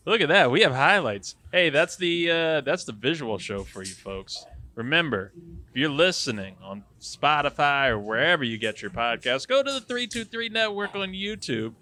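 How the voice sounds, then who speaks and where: A man's voice: on the high side, sing-song, moderate pace, pushed and bright. A man hosting a sports podcast in upbeat, teasing banter. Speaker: podcast host.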